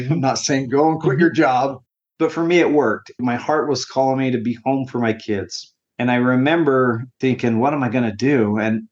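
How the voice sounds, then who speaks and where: A man's voice: medium pitch, a little mellow. Earnest man telling his story, lo-fi. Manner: earnest and heartfelt, sometimes emotional. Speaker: interview guest, grief counselor. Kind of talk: personal storytelling in an interview.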